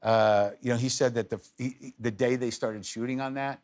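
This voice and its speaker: A man's voice: mid-range voice, steady tone, moderate pace, a little mellow. A middle-aged man tells stories on a talk show, wry and rambling. He keeps breaking off into self-deprecating asides and picks the thread back up. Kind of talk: casual anecdote telling.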